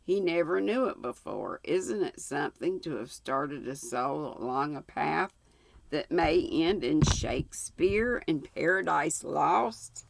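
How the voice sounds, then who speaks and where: A woman's voice: deep voice, lively intonation, slow pace, vocal fry, heavily acted. A woman reading the part of an earnest, dreamy young schoolteacher in a storybook reading. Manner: earnest and reflective.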